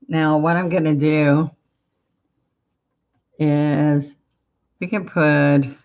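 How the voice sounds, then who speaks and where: A woman leads a live painting lesson in an unhurried, fairly level voice, chatting to viewers as she works. The sound is a little dull, like live-stream audio. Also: sits low, vocal fry, darkish tone. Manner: chatty, encouraging, talks to viewers while painting. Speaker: painting instructor.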